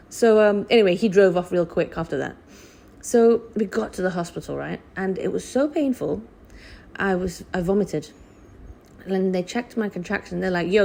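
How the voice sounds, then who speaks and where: A woman telling her own story casually to her viewers, acting out what she said back then. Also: vocal fry. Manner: animated, reenacts her own past words with big pitch jumps. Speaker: vlogger sharing birth story.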